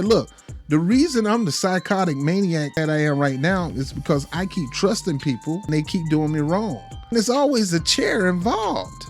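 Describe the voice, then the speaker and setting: A man's voice: sits high, darkish tone. A man giving a casual wrestling review in a rambling, informal way, often repeating words as he talks.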